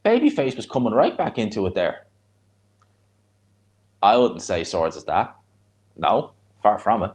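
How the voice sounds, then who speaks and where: With a low-leaning, sing-song voice and a darkish tone, this Irish streamer with a Dublin accent speaks unhurriedly, leaving long pauses. He casually comments live on a fight during a watch-along, chatting bluntly and ramblingly and answering viewers between reactions.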